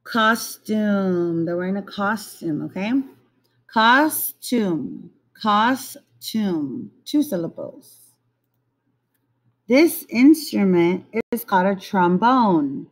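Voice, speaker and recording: A woman teaching young children a lesson, slowly repeating each word to model its syllables. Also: medium pitch, animated, a little mellow.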